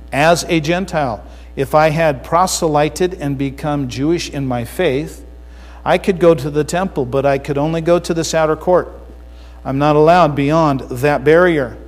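A male pastor giving a sermon, emphatic and swinging between loud declarations and quiet asides. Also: fairly high pitch. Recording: long hall reverb with mains hum.

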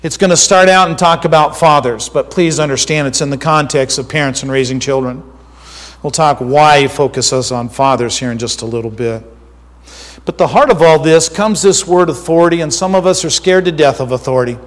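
Brief: conversational male preacher, somewhat high-pitched, earnest; reverberant room. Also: brisk. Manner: earnest, conversational, checks in with listeners. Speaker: pastor. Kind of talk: sermon.

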